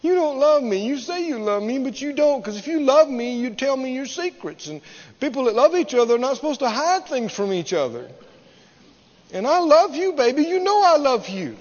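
A man's voice: very high-pitched, very animated, moderate pace, voice pushed up. A man voicing a tearful, wheedling woman who pleads and coaxes. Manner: whiny, wheedling coaxing. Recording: dull sound, long hall reverb.

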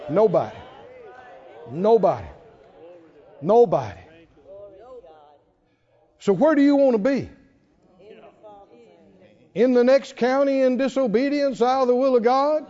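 High-voiced man preaching in an echoey hall. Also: animated, slow, long pauses. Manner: emphatic, repeats phrases, builds to shouts. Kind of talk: sermon. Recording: long hall reverb, dull lo-fi sound.

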